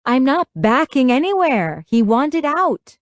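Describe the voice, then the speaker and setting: Woman reading a defensive, fed-up young woman in a lively, dry audiobook read. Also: medium pitch, moderate pace, clear, resonant tone, no echo, close to an everyday voice. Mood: exasperated. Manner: defensive, exasperated. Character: exasperated young woman arguing with her mother.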